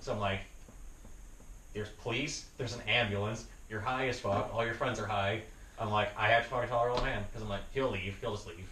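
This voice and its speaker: A man's voice: fairly low pitch, brisk. A young man tells a story on a podcast, swearing freely and laughing between lines. He sits back from the mic, so his voice carries the echo of the room. A faint hiss runs under everything. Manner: profane, laughing, animated storytelling. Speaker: podcast host. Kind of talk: casual storytelling chat. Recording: roomy, distant mic with faint noise.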